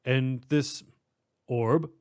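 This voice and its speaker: A man's voice: mid-range voice, steady tone, very slow, a little mellow, smooth. A man voicing a male bank manager who questions others with incredulity. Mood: questioning. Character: stern, curious middle-aged male bank manager.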